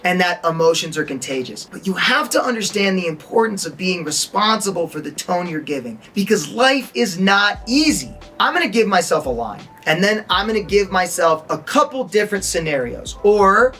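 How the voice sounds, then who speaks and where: A man's voice: high voice, sing-song, moderate pace, few pauses, pushed and bright, faint music behind. Man teaching tone, acting out examples. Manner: demonstrates tones by acting out short lines. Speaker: acting instructor. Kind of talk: online lesson.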